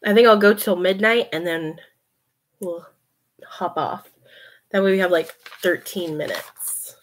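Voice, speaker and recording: Speaking unhurriedly in a lowish voice, this livestream host keeps things chatty on her casual late-night stream, reading comments, laughing often, and addressing her cat.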